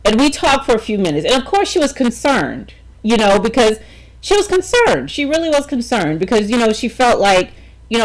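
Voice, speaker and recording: A middle-aged woman telling a personal story to camera with a lively, swooping voice. She talks emphatically, stops to check in with her viewers, restarts sentences, and leans hard into the key moments. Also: on the high side, fairly quick, rough recording. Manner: emphatic, animated storytelling with frequent restarts and "okay?" check-ins. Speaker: vlogger.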